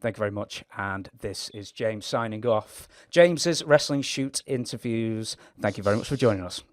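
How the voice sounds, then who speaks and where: A man hosting a casual interview, chatty with quick asides. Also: fairly low pitch, animated, dry recording, studio quality. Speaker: interview host.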